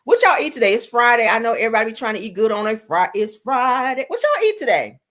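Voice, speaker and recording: This livestream host, a middle-aged woman, talks fast in a voice on the high side, a bit bright and full of big pitch swings. She is chatty and salty with her viewers, talks to chat, and laughs often.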